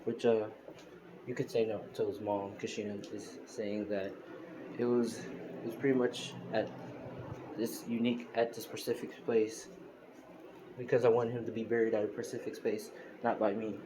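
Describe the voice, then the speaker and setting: A young man with a somewhat low voice tells a story in a loose, rambling way, full of fillers and restarts. He was recorded on a phone, and a steady hiss sits clearly under his voice. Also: normal speed. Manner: rambling, heavy on fillers and self-corrections. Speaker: fan storyteller. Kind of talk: casual retelling of a fan story. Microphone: phone screen recorder.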